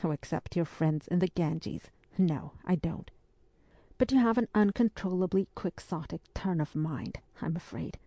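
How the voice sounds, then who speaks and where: A woman reading the part of a brisk, firm English spinster hostess in an audiobook. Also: fairly low pitch, dark tone, no room sound.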